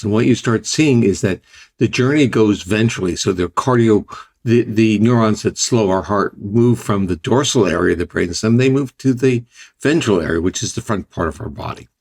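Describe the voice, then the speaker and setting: An older man, a scientist guest, explaining ideas in a deliberate, conversational way. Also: fairly low pitch. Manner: deliberate, explanatory, restarts phrases.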